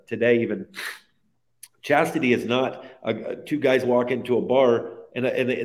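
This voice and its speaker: As a podcast interview guest, this mid-range-voiced man tells an earnest, heartfelt story about his faith, building it up by layering phrase upon phrase.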